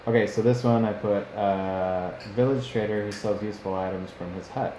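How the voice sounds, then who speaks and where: A man's voice: lowish voice, steady tone, moderate pace, warm tone. A man thinking aloud as he writes a tabletop campaign and sounds out fantasy names. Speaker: game master. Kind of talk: live-streamed campaign writing, thinking aloud. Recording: echoey room with clear background noise.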